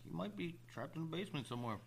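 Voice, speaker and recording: A man as guest co-host on a podcast, making deadpan absurd jokes in casual banter. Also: on the high side, rapid-fire, vocal fry, slight background noise.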